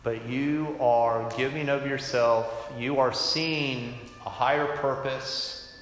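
A man preaching a sermon with emphatic delivery that swings from loud to hushed. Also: medium pitch, steady tone, takes it slowly. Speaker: pastor. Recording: echoey hall, faint room noise.

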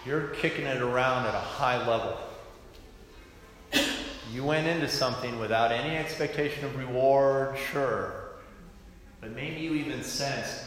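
A man preaching a sermon with emphatic delivery that swings from loud to hushed. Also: medium pitch, measured pace, pauses often. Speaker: pastor. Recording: echoey hall, faint room noise.

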